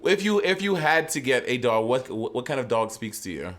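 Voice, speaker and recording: A man's voice: mid-range voice, big pitch swings, brisk, a bit bright. A man from Saint Lucia co-hosting a podcast, chatting casually, rambling through stories and laughing readily. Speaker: podcast co-host. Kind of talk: casual chat.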